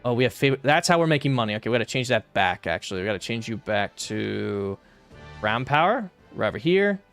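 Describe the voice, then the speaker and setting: Lively young man thinking aloud over gameplay. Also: medium pitch, brisk, creaky, faint music behind. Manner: thinks aloud, mutters, flares into exasperated rants. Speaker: streamer playing a strategy game. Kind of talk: casual gameplay commentary.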